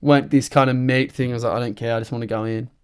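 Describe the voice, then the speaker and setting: A man's voice: mid-range voice, level tone, fast talker, clear, resonant tone. A young Australian man hosting a podcast, chatting casually with laid-back surfer slang and swearing. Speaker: podcast host. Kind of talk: casual chat.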